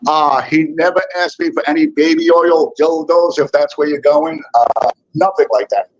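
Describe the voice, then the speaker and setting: Excitable older New York man, husky. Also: fairly high pitch, normal speed, highs cut off. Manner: excitable, repeats himself, swearing he is honest. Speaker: guest. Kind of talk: casual livestream chat.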